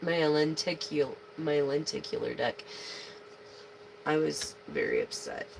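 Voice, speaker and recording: A woman's voice: low-pitched, sing-song, slow pace, vocal fry, a little hiss or hum, poor audio. A woman giving a casual live tarot reading, slangy and profane, speaking to her viewers as a collective. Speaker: tarot reader.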